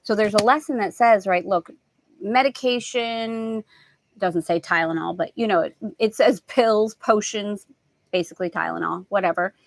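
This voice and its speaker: A woman's voice: mid-range voice, moderate pace, gravelly. A middle-aged woman hosting a spiritual lesson talk, telling stories with animation and acting out family voices. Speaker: host.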